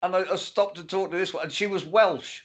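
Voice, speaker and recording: A man's voice: high voice, steady tone, brisk. An older man co-hosting a casual livestream chat, blunt, laughing and swearing as he talks. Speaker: livestream co-host.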